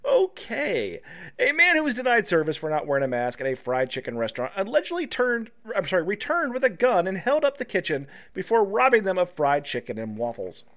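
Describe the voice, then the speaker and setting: A man's voice: sits high, huge pitch swings, brisk, fairly bright tone. A man co-hosting a casual comedy podcast, reading news stories aloud and breaking off to joke and laugh. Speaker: podcast co-host.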